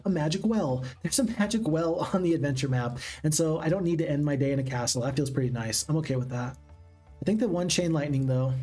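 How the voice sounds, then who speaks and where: A man's voice: on the high side, darkish tone. A man giving casual commentary while playing a strategy game, thinking aloud and asking himself questions as he goes. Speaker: let's play gamer.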